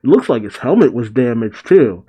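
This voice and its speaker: A man hosting a casual read-along comic reaction, with a mellow, relaxed tone. He narrates, chats between the quoted lines and laughs often. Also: mid-range voice, normal speed, husky, dull audio.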